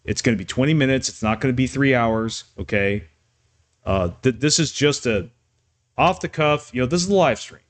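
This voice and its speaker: A man talking off the cuff on his live stream, ranting and yelling at times, with many restarts and fillers. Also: medium pitch, animated, normal speed.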